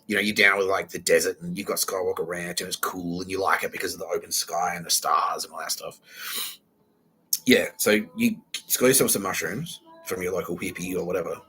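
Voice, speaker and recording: A man's voice: deep voice, fairly even intonation, a little fast, bright, forceful tone, slightly rough. A young man hosts a rambling solo podcast, talking casually, with a lot of slang and swearing. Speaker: podcast host.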